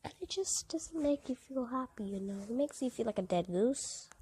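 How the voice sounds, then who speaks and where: A woman vlogger recording a soft, hushed and emotional voiceover. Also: on the high side, animated, normal speed, slight background noise. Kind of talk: vlog voiceover.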